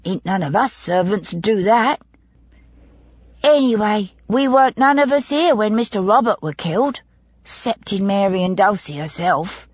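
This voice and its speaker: A woman's voice: medium pitch, expressive, unhurried, no echo, lo-fi sound, voice pushed up. A woman voicing an eager, gossipy young housemaid who talks in broad working-class dialect. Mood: earnest.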